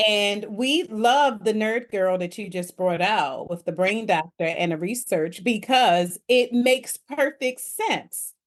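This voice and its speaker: A woman hosting a wellness podcast, affirming her guest and chatting conversationally. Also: medium pitch. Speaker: podcast host. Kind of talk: podcast interview.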